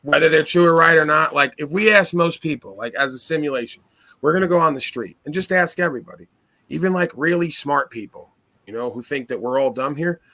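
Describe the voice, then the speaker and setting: A man's voice: fairly high pitch, a little fast, pushed and bright. A man hosting a podcast, talking philosophically in earnest, probing rhetorical questions. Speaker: podcast host. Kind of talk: casual philosophical chat.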